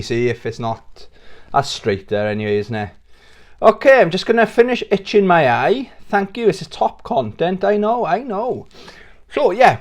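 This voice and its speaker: A British man hosting a casual video channel, rambling and joking at his own expense into a plugged-in microphone. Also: on the high side. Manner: rambling, jokey, self-mocking. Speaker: YouTube host. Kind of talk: casual vlog chat.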